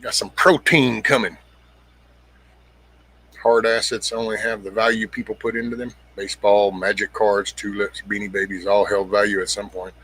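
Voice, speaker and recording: A man's voice: on the low side, level tone, moderate pace, fairly bright tone, husky, dry recording. A middle-aged man hosting a casual livestream, rambling bluntly, swearing freely and greeting viewers by name. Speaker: livestream host. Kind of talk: casual livestream chat reading comments.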